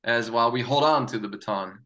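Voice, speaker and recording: Bright, forceful-voiced man on a panel. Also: medium pitch, brisk. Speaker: round table guest. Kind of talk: reflective panel discussion.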